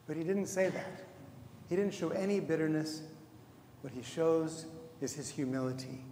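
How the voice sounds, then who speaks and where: Deacon's sermon: slightly high male voice, measured and reflective, long church reverb. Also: dark tone, slight background noise. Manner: measured, reflective preaching with slow emphatic pauses. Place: church sanctuary. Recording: echoey church hall, faint ambience.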